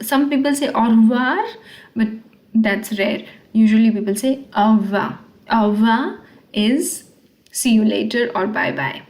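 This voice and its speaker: A woman teaching French greetings, reading words and explaining them, repeating each one slowly and carefully. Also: a little high, a little mellow, roomy sound. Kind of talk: explaining language lesson.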